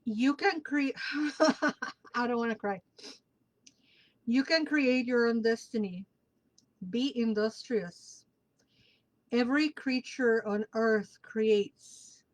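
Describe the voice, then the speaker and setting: A woman hosts a casual live tarot reading, emphatic and emotional, repeating key words for stress and laughing between lines. Her voice is on the high side and she talks slowly with long pauses, in a rough recording.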